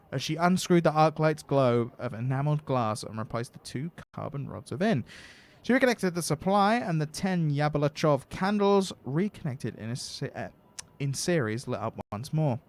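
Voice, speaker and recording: A man's voice: a little high, animated, moderate pace. Man reading game text aloud. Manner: casual, thinking aloud. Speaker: streamer host.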